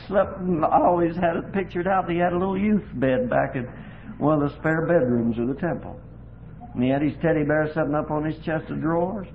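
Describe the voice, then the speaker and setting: A man preaching a folksy sermon, telling homespun stories with repetitive emphasis, on a phone-like lo-fi recording with faint hiss. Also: fairly high pitch.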